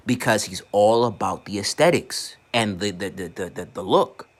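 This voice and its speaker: A man's voice: lowish voice, animated, normal speed. A man working as an online marketing coach, ranting casually to camera in a blunt, profane way and tripping over repeated words.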